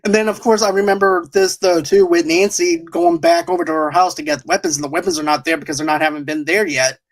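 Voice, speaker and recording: A man's voice: on the high side, steady tone, fast. A man hosting a podcast in casual chat, rambling and restarting his sentences with frequent chuckles. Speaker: podcast host.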